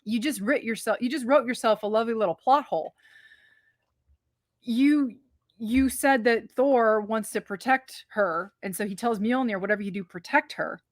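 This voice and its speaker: A woman co-hosting a movie review show, talking in a chatty, rambling way with quick asides and restarts. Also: a little high, no echo, studio quality. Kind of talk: casual movie review chat.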